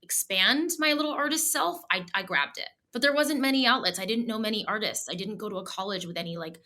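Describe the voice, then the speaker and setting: A woman's voice: mid-range voice, quick pace. A woman in her thirties from the Boston area, a singer-songwriter guest in a casual interview, telling stories and acting out quoted voices. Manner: animated, acts out quoted voices.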